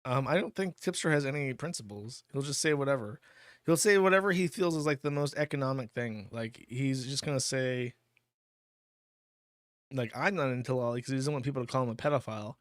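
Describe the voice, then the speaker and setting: A man's voice: medium pitch, brisk, no echo, clean studio sound. A man hosting a livestream, reading out donations and answering them in a blunt, crude, offhand way. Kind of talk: casual streaming commentary.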